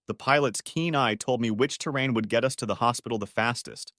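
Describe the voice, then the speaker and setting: A man narrating an audiobook in the first person at a medium pitch. He reads steadily, with a dry, close sound and no room around the voice. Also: brisk, a bit bright, dry recording.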